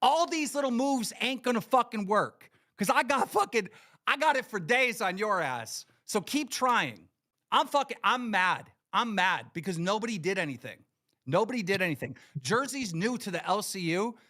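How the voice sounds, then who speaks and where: A man with a high voice hosts a livestream in full rant mode. He is angry and profane, hammering every point with emphasis. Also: big pitch swings, moderate pace, sharp tone. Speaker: livestream host.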